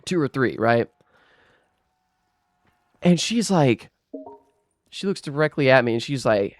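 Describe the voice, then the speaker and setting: A man's voice: medium pitch, measured pace, pauses often, clear, resonant tone, no echo, studio quality. A young man telling a rambling, aggrieved storytime rant while gaming, swearing and restarting his sentences often. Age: young adult. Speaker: gaming vlogger.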